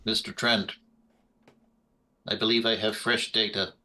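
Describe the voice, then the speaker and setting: A man's voice: on the low side, level tone, a little slow, sharp tone. A man voicing a polite, formal robot drone assistant in a tabletop game, speaking in stiff, courteous machine phrasing. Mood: dutiful. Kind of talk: tabletop role-play in character.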